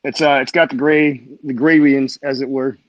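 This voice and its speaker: A man's voice: medium pitch, steady tone, normal speed, no room sound. A man in casual group chat, rambling with fillers and restarts. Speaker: group audio chat participant. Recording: slightly muffled lo-fi line.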